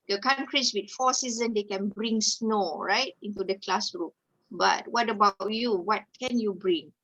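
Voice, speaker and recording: A woman's voice: mid-range voice, unhurried, fairly bright tone, highs cut off. A woman from Malaysia giving a teacher-training webinar over a video call, tagging nearly every phrase with "okay" and "all right" and slipping into Malay now and then. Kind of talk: webinar lecture.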